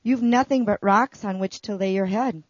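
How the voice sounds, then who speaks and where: A generous old quilt maker who speaks calmly and patiently, as a woman reads her lines. The voice sits in a middle register, close and dry on a dull, lo-fi recording. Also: mid-range voice, moderate pace, no room sound, natural voice. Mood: gentle.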